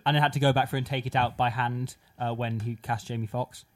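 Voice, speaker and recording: A man's voice: mid-range voice, fairly even intonation, brisk. A man co-hosting a podcast in casual comic chat with a mock-earnest delivery. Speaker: podcast co-host.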